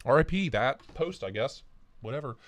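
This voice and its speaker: A man runs a casual live stream from his home office, talking into a desk mic with a lively, swinging pitch. He rambles, swears and jokes, greets chatters one by one, and sounds a bit short of breath. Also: moderate pace. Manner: crude, joking, rambling, greets chatters by name. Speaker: livestream host. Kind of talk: casual live chat reading viewer comments.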